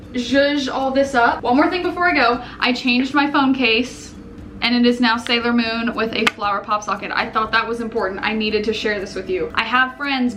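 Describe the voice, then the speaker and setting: A woman's voice: a little high, a bit bright, a little hiss or hum. A young woman chatting in a casual, bubbly vlog, full of fillers, filmed at home and out on the streets. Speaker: vlogger. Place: apartment, then city streets and shops. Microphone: handheld camera.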